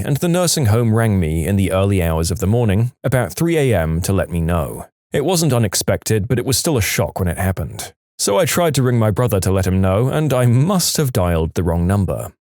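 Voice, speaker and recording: A man's voice: medium pitch, no room sound, studio quality. A man narrating reddit stories aloud as the show's reader, shifting voices for the people in them. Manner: lively storyteller, playing the callers in quick shifts. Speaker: story narrator.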